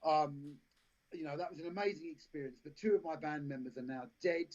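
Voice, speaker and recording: Brief: male guest, husky, lively storyteller, dull lo-fi stream sound. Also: on the high side, fairly quick. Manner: rambling anecdotes, frequent restarts, laughs at own stories. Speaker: actor and director, podcast guest. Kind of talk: casual storytelling interview. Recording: lo-fi live stream audio.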